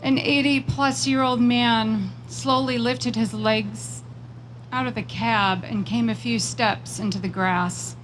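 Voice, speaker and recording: A woman's voice: a little high, fairly even intonation, fairly bright tone, a little hiss or hum, rough recording. Emphatic woman delivering a rally speech. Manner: measured, emphatic, slows on repeated phrases; personal storytelling. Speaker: rally speaker. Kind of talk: prepared political speech.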